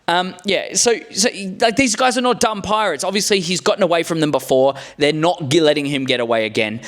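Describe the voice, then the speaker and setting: A man chatting casually as he recaps a show, rambling and restarting his sentences with blunt, cheeky remarks. His voice sits a little higher than most men's.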